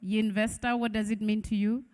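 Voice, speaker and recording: A woman's voice: mid-range voice, little pitch movement, normal speed, a little mellow. A middle-aged woman with a Ugandan accent giving a product launch presentation to an audience, chatty and asking them questions. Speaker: keynote speaker. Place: event hall with an audience.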